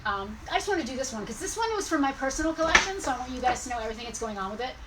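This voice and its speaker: Brisk, teasing female co-host, a bit high, distant from the mic, noisy room. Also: animated. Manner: teasing, brisk, self-mocking. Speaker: co-host of a toy store live sale. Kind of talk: casual live-stream chat. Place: inside a toy and collectibles store. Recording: off-mic with clear background noise.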